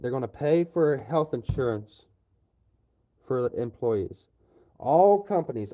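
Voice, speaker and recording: A man's voice: medium pitch, warm tone, low-quality recording. A man on a livestream, ranting angrily about politics, swearing often and ending lines with "you know". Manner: profane, repetitive, keeps tagging lines with "you know". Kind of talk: angry political rant on a livestream.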